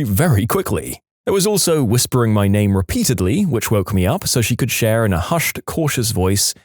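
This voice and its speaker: A man narrating reader-submitted stories in a scripted, expressive way, acting out the quoted lines with changing voices. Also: medium pitch, normal speed, hardly any pauses, dry recording, studio quality. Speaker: storytime narrator.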